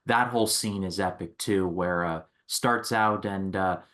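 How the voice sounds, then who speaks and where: A man co-hosting a casual movie talk, enthusiastic and relaxed, with plenty of ums and uhs. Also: deep voice, measured pace. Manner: enthusiastic, relaxed, filler-laden. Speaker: podcast co-host.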